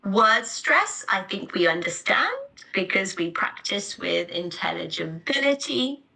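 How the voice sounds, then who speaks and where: A woman teaching a live online class, explaining pronunciation points in a clear, deliberate way. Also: medium pitch, expressive, sharp tone, low-quality recording.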